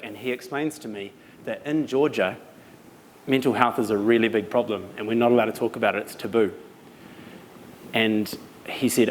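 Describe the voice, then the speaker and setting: New Zealand man telling stories in a hall. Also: medium pitch. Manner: animated, laughing as he tells stories. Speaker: speaker at a live talk. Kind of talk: storytelling talk. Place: event venue. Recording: reverberant hall, some noise.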